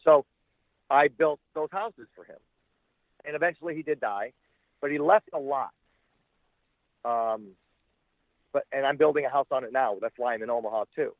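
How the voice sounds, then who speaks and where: In a casual storytelling interview, a former talent manager rambles, swears freely, and acts out the people he quotes. His medium-pitched voice moves at a moderate pace with frequent pauses, heard over a dry, tinny phone line with no room sound.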